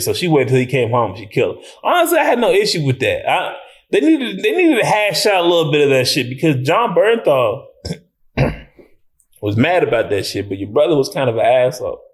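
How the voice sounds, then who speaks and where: A man giving a casual, rambling movie review, swearing freely and laughing often. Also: on the high side. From United States. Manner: slangy, loose and rambling. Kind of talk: casual film review vlog.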